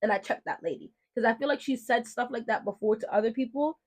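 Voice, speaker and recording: A woman speaking emphatically in a casual vlog, pitched a bit above average. She is direct and outspoken and makes her points with firm, lecturing insistence. She sounds protective and sure of herself. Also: quick pace. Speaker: mom and beauty vlogger.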